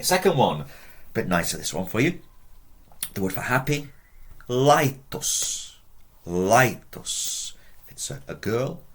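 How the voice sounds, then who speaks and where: A man's voice: deep voice, slightly rough. A man teaching a video lesson on Latin, chatty and repeating each word as a drill.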